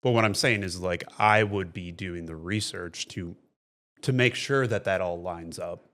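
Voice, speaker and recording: An analytical man co-hosts a casual TV chat and teases his husband now and then. His voice sits on the low side. He wants proof for what he believes. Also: measured pace, a bit bright. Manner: analytical, teasing. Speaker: podcast co-host.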